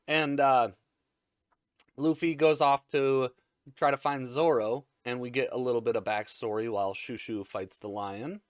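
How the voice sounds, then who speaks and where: A man's voice: medium pitch, steady tone, measured pace, dry recording, studio quality. A man hosting a casual episode recap, rambling, crude and jokey. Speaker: anime recap host.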